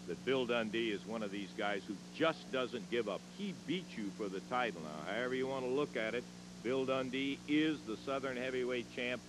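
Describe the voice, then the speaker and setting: A man interviewing wrestlers in a TV studio, measured and dry. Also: medium pitch, noisy background.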